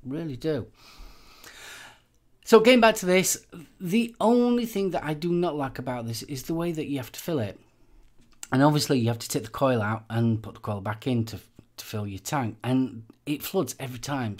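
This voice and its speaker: A man from England, hosting a live stream in a chatty, rambling way with lots of fillers. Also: mid-range voice. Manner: chatty, rambling, with many fillers and repeated phrases. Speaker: host of a live vaping channel show. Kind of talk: casual live-stream chat.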